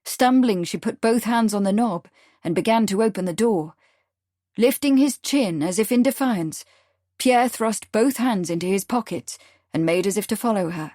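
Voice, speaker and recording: This is scripted audiobook narration from a woman with a medium-pitched voice, told at a moderate, even pace in a steady storytelling manner. The sound is studio quality, without any echo.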